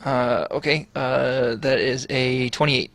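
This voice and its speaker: Mid-pitched man as a tabletop game player, halting and joking, casual. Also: fairly even intonation, vocal fry, a bit bright.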